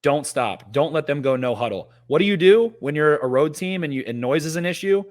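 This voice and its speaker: Guy on a sports pod, all hyped up and yelling, cussing a bunch. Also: a little high, expressive, brisk. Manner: fired-up, hollering pep talk with cursing. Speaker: podcast co-host. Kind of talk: casual sports podcast chat.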